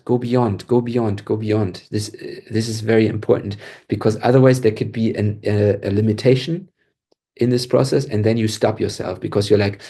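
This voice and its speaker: A man's voice: fairly low pitch, warm tone, husky. A man co-hosting a podcast, talking intensely and emphatically and swearing freely in casual discussion. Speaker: podcast co-host.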